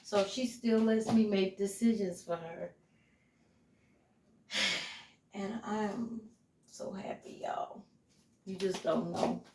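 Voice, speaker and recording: Slow, chatty woman cooking at home. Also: medium pitch, steady tone, warm tone, roomy sound, a little hiss or hum. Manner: chatty, talks to viewers as "y'all". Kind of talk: casual chat while cooking. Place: home kitchen.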